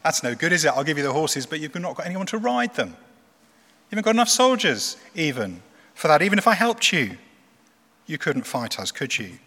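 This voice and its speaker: A preacher putting on a sneering army commander. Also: male voice, fairly high pitch, sing-song, moderate pace, in a large hall, full character voice. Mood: mocking. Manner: taunting, mocking, loud. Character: boastful male Assyrian field commander.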